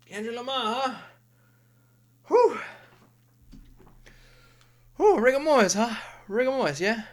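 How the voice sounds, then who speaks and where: A high, bouncy woman's voice that leaps up and down, giving a casual first-listen music reaction. She exclaims loudly, swears freely and breaks into laughter. Her speech is unhurried and drawn out between the outbursts. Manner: excitable, loud exclamations, heavy swearing, frequent laughter.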